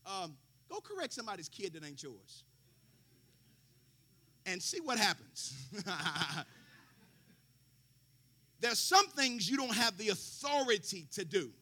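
A man's voice: high-pitched, big pitch swings, takes it slowly, long pauses, pushed and bright. A man preaching a sermon, quoting scripture with folksy asides and rising fervor. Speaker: pastor.

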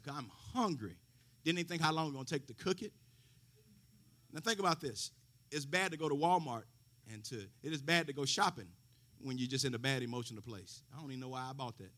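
A middle-aged man preaching a sermon, swinging from loud to hushed, with folksy conversational asides. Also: mid-range voice. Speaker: pastor.

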